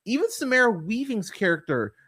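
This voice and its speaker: A man's voice: extremely high pitch, brisk, slightly rough. A man hosting a movie review podcast, talking in a casual, profane, exasperated rant. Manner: animated, swearing, exasperated.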